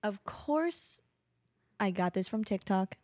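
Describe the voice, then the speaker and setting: A woman's voice: medium pitch, lively intonation, slow pace, darkish tone, dry recording, clean studio sound. A woman co-hosting a casual podcast from home, a mother who rambles with lots of fillers and laughs often. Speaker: podcast co-host. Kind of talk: casual chat. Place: home, children nearby.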